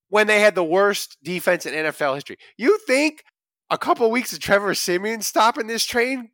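A man hosting a sports podcast, animated and joking, swinging from loud bursts to mumbles. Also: high voice, no echo, clean studio sound. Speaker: podcast host. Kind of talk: casual podcast banter.

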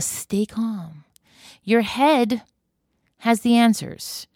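Smooth-voiced chatty woman podcast host. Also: medium pitch, dry recording, studio quality. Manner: chatty, laughing, opinionated. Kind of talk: casual monologue. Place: Israel.

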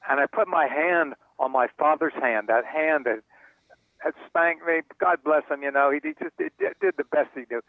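Older male author guest, earnest storyteller, slightly high voice, phone-line sound. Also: big pitch swings, normal speed, dry recording. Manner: heartfelt, repeats words when moved. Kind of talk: earnest personal storytelling in a radio interview.

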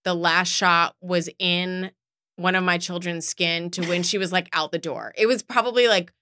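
A woman's voice: lowish voice, normal speed, a little hiss or hum. A woman co-hosting a podcast, telling a family story in casual chat and acting out the people in it. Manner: animated storyteller, acts out voices. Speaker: podcast co-host.

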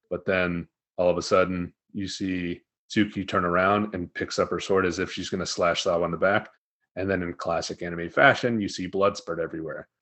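A man co-hosting a casual podcast, recapping an anime episode in a profane, animated storytelling manner. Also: sits low. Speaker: podcast co-host.

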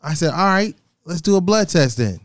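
A man telling a personal story in casual chat, animated and quoting himself. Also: on the high side, fairly quick, no echo, clean studio sound. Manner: animated, quotes himself in a raised voice. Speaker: guest telling his story.

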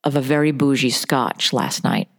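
A woman's voice: rumbling low, normal speed, creaky, breathy edge. A woman co-hosting a comedy podcast, chatting casually and joking, often slipping into silly voices. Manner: animated, joking, breaks into voices. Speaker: podcast co-host.

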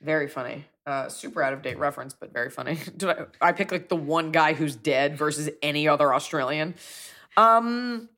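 A woman comedian hosts a podcast, reading ads and chatting casually in a self-deprecating way. Her voice is low and fairly bright, at a moderate pace.

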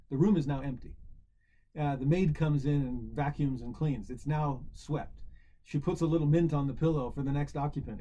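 A man's voice: medium pitch, mellow, muffled recording, slight background noise. A man teaching a scripture lesson in a conversational way, asking rhetorical questions and often restarting his sentences. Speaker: religious teacher.

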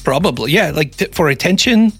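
A man's voice: on the high side, animated, brisk, husky, faint music behind. A man hosting a podcast, chatting casually and narrating a true-crime story with sarcastic asides. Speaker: podcast host.

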